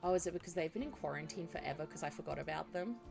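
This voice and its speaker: A woman's voice: sits low, expressive, rapid-fire, gravelly. A woman chatting casually while streaming a game, talking back to her viewers. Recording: music playing behind the voice.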